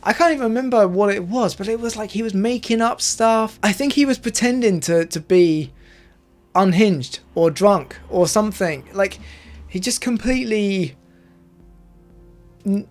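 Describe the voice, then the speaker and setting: A man telling a personal story in a casual, rambling way, full of fillers. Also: high-pitched.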